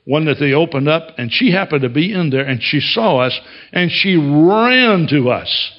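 A man's voice: on the high side, expressive, moderate pace, lo-fi sound. A man preaching a sermon as a pastor, telling stories in a folksy way and chuckling often.

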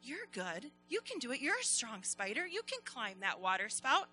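A woman's voice: on the high side, big pitch swings, moderate pace, bright, forceful tone, soft background music. A woman voicing a peppy ladybug cheerleader. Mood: encouraging. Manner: pep-talking, exclaiming. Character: bossy, cheerful female ladybug friend.

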